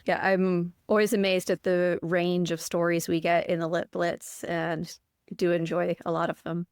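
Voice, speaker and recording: A woman hosting a podcast interview, asking brief, measured questions. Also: lowish voice, little pitch movement, clear, resonant tone, no echo, clean studio sound. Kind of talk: casual interview chat.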